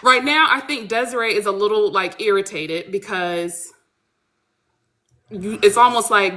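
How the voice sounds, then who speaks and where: A woman author in casual podcast chat, animated and blunt, speaking. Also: mid-range voice, moderate pace. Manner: animated, blunt, swears freely. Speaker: author guest.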